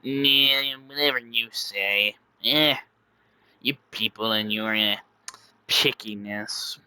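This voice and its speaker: A man's voice: on the low side, slow pace, sharp tone, clean tone, no echo, pitched below the performer's own voice, full character voice. A man voicing a sarcastic, grumbling male diner waiter with a sulky drawl.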